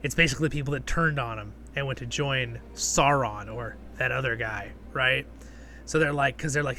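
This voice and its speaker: A man's voice: medium pitch, normal speed, pushed and bright, slight background noise. A man hosting a casual spoken review, chatty and rambling, full of fillers and frequent "right?" checks. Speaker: host and show reviewer.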